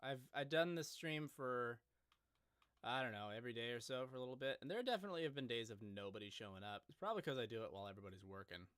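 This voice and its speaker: A man's voice: medium pitch, expressive, fast, a bit bright, clean tone, dry recording. A man chatting casually on a live stream, rambling and joking at his own expense. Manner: joking, rambling, self-deprecating.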